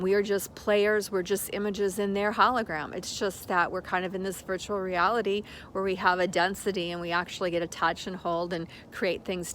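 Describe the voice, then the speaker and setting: An older woman talking as a spiritual teacher in a reflective monologue, rambling gently and acting out little quoted exchanges as she tells a story. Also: lowish voice, a little hiss or hum.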